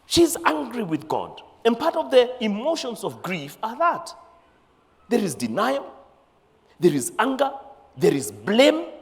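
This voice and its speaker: A Kenyan pastor preaching a sermon, animated and then dropping to quiet, earnest passages. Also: male voice, high voice. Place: church. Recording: reverberant church hall.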